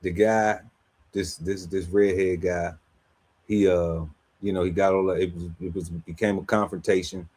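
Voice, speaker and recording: A man's voice: low-pitched, flat delivery, moderate pace, a little mellow. A man on a podcast panel telling a story in casual, slangy chat, laughing often and acting out quotes.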